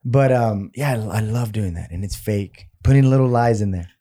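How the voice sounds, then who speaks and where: A man co-hosting a casual podcast chat, animated and profane, slipping Spanish phrases into his talk. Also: on the low side, moderate pace. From Amarillo, Texas area. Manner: animated, swears a lot, mixes in Spanish phrases. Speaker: podcast co-host.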